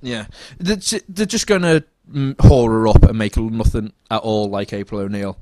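A young man talks films in a loose, animated way, swearing and restarting his sentences. His voice sits a touch low, and the recording is dry and close. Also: normal speed, no echo. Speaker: podcast co-host. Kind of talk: casual film chat.

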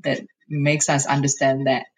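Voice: medium pitch, monotone, moderate pace, breathy edge, rough recording. An earnest, reflective speaker in a casual podcast conversation, often restarting sentences.

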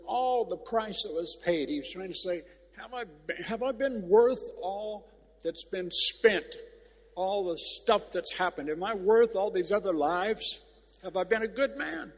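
A man's voice: fairly high pitch, fairly bright tone, husky, long reverb tail. A man preaching an informal sermon in an old church, telling stories in a rambling, emotional way with many restarts.

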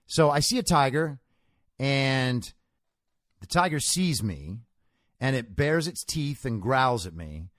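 A male show host giving a solo commentary in a conversational, storytelling manner. His pitch moves a lot and his delivery is emphatic. He sounds close and dry, with no room echo. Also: lively intonation, slow pace, long pauses, fairly bright tone.

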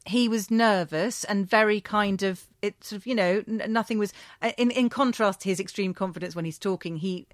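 A woman's voice: medium pitch, fairly quick, hardly any pauses, dry recording, clean studio sound. Wry, chatty British woman podcast host. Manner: chatty, wry, laughs often. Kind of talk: casual chat.

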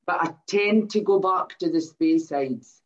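A Scottish woman tasting whisky on a casual show, talking in a measured, hesitant way. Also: lowish voice, darkish tone, muffled recording. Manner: measured and hesitant, with many restarts. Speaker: co-host and taster.

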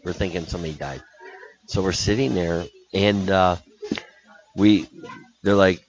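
Deep-voiced man telling a road story. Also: measured pace, pauses often. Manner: animated, laughing storyteller with many restarts. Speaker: hockey coach guest. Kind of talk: casual storytelling. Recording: dull lo-fi podcast audio.

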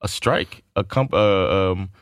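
A man's voice: sits low, slow, dry recording, studio quality. A man co-hosting a podcast in casual chat, loose and rambling, laughing and swearing freely. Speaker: podcast co-host.

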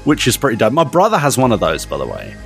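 Lively, bantering man. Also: medium pitch, fast, creaky, faint music behind. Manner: jokey, bantering, repeats himself. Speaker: podcast co-host. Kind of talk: casual chat.

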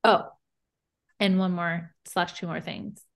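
A woman's voice: lowish voice, steady tone, gravelly. A young woman co-hosting a podcast, chatting casually about reality TV in a blunt way, with frequent swearing. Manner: blunt, swearing, quick asides. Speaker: podcast co-host.

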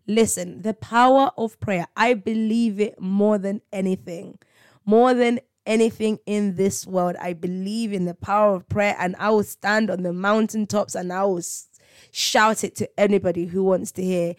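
A young woman chats on her podcast in an animated, storytelling way, often breaking into laughter. Her voice sits at an ordinary middle pitch. It is recorded dry and close, with no room sound. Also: normal speed, no room sound. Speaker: podcast host. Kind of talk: casual faith podcast chat.

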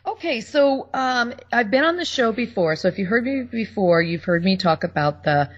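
A woman's voice: a little high, animated, normal speed, dull audio. A woman guest on a radio talk show, talking in a chatty way and laughing often. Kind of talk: casual interview.

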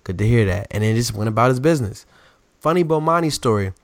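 A man's voice: mid-range voice, animated, fast, dry recording. A young man from the DMV area co-hosting a casual chat, telling stories and acting out quotes in raised voices. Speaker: podcast co-host.

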